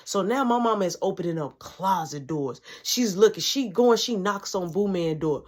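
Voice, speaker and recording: A woman telling a childhood story in a casual, profane, animated way, acting out the voices of everyone in it. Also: mid-range voice, normal speed.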